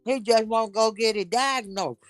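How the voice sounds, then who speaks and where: Lady host gossiping, blunt and lively, dry close sound. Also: fairly high pitch, unhurried, no echo, faint music behind. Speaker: show host. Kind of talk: casual gossip chat.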